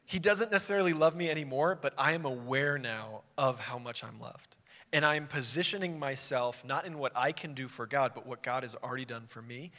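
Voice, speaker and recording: A man's voice: mid-range voice, a little fast, bright, forceful tone. A young adult male pastor preaching a sermon in a casual, conversational way, acting out quotes as he tells the story. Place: church sanctuary. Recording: long hall reverb.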